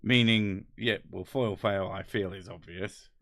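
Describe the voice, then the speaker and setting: A man's voice: lowish voice, steady tone, a little slow, a bit bright, dry recording, studio quality. A man with an English accent, hosting a casual chat, rambling and wry with casual swearing. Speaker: host. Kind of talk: casual chat reading comments.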